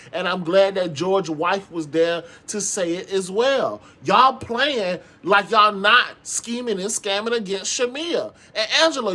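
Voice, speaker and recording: High, bright-voiced sassy man. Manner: sassy, animated, addresses viewers as "girl"; frequent profanity and emphatic repetition. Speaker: reality TV recap host. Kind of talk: casual commentary.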